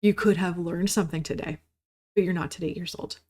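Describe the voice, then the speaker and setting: A woman's voice: fairly low pitch, steady tone, brisk, a little mellow. Woman, 30s solo podcast host, rambling and profane, mock-ranting, casual.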